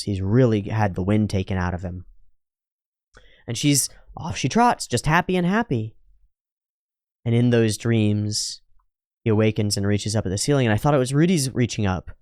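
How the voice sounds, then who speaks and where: A man hosting an anime reaction, narrating the scenes and mocking the characters in quick voices with frequent laughs. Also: fairly low pitch, darkish tone, dry recording, studio quality. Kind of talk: casual commentary over an anime episode.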